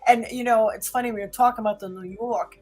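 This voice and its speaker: A woman's voice: a little high, fairly even intonation, fast, darkish tone, faint music behind, rough recording. A woman comedy teacher chatting as a guest, rambling and restarting as she tells stories. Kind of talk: casual interview chat.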